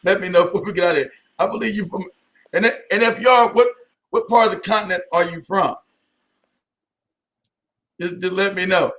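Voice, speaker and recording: A man hosting a casual live stream, talking to viewers by name, animated and often laughing. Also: high voice, a little fast, pauses often.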